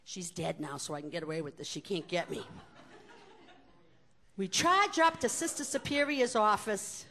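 An older woman telling personal stories to a live audience in an animated, conversational way with wry asides. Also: medium pitch, moderate pace, pauses often. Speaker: storyteller.

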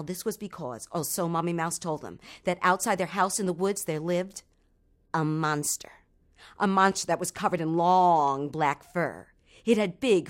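Animated woman telling a children's story. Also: lowish voice. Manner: animated, dramatic pauses, sound effects.

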